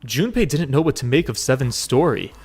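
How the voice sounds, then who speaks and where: A man playing a game and reading its text aloud, with casual, expressive commentary and swearing asides. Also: mid-range voice, fairly quick, husky, faint music behind. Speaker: let's play gamer.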